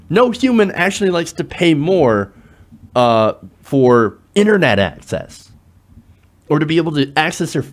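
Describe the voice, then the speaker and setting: A man hosting political commentary, arguing with rhetorical questions and sarcastic asides. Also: on the high side. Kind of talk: direct-to-camera political commentary.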